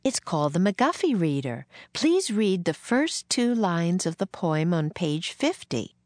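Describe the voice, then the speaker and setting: A woman voicing a gentle, earnest frontier schoolteacher in a storybook reading, a little above her own pitch. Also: big pitch swings, measured pace, no echo. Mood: kindly. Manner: gentle, encouraging, a little proper.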